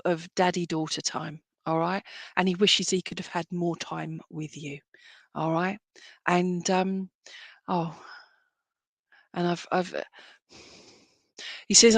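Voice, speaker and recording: At a church service streamed live, a woman with a fairly low voice gives spirit readings as a medium, recorded without echo. Her manner is warm and reassuring, and she keeps asking her audience "all right?"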